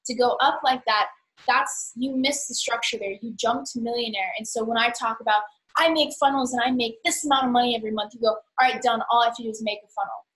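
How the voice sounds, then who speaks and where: A woman's voice: a little high, steady tone, fast talker, a bit bright, low-quality recording. A teenage girl chatting casually on a podcast, hesitant, with many fillers. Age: teens. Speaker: guest's daughter. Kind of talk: casual chat.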